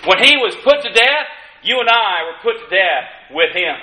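A man preaches in a high, bright tone, folksy and wry, leaning hard into the lines he wants to land. The congregation calls back to him. His voice rings around a reverberant church. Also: lively intonation, moderate pace. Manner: folksy preaching with dry humorous asides; rises in emphasis on key lines. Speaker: pastor. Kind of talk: sermon. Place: church sanctuary. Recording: echoey room. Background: congregation calling out amens.

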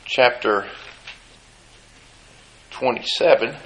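A man preaching a sermon, retelling a scene dramatically and acting out the crowd's shouts. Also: medium pitch, poor audio. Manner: slow, drawn-out delivery with long pauses.

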